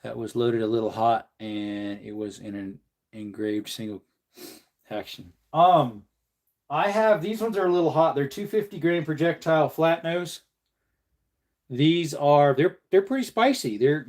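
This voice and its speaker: A livestream host jokes and answers viewer comments while hand-loading ammunition at his bench. His voice is on the high side and a little mellow, and he takes his time, keeping the stream casual.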